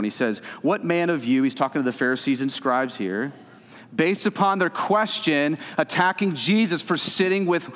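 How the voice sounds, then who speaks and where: Male pastor preaching in a hall. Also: medium pitch. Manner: animated, emphatic preaching that swings loud and soft. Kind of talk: sermon. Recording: reverberant hall.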